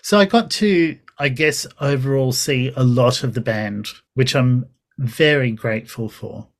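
Podcast guest, male, mid-pitched voice, animated casual storyteller. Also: a little slow, vocal fry. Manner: animated storytelling with laughs and quoted dialogue. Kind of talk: casual chat.

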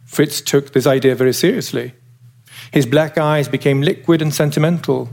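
A man reading a novel aloud as narrator, in a measured, wry storytelling manner. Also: on the high side, steady tone, vocal fry, a little mellow. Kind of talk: audiobook reading.

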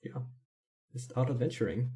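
A woman running a tabletop role-playing game as game master, narrating scenes in a relaxed way with fillers. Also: very deep voice, moderate pace.

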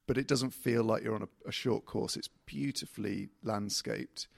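A man guests on a golf podcast, telling a story with self-mocking humour. His low voice is gravelly, and the sound is close and dry. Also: normal speed, no echo. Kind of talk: casual chat.

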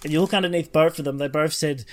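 A man's voice: fairly high pitch, steady tone, fast. A man with an Australian accent, co-hosting a casual podcast and joking around with his friend. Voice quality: joking, playful. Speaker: podcast co-host. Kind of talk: casual chat.

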